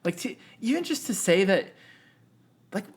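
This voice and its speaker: A young man joining a podcast as a guest, his pitch swinging widely as he talks. He chats casually and animatedly, laughs often and swears. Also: very animated, normal speed, breathy edge.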